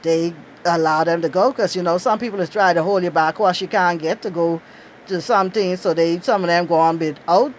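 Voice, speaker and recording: A middle-aged Bahamian woman with a Bahamian accent, telling a lively, outspoken story and laughing often. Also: fairly quick, a little hiss or hum. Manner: animated, outspoken, laughs often, acts out quotes in high bursts. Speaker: travel storyteller. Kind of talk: casual storytelling.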